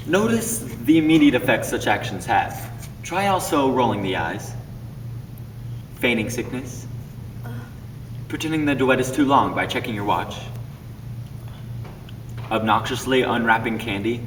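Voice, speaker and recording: A young man performing a scripted comedic duet, explaining stage tricks in a deadpan, instructional way. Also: medium pitch, measured pace, long pauses. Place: classroom. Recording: echoey room, distant mic, faint noise.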